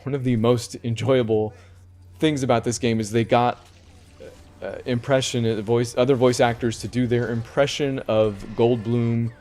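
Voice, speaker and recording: A man's voice: mid-range voice, steady tone, moderate pace, darkish tone. A man hosting a casual video game podcast, rambling and often correcting himself as he talks. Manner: rambling, self-correcting, conversational. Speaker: podcast host reviewing video games. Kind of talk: casual chat.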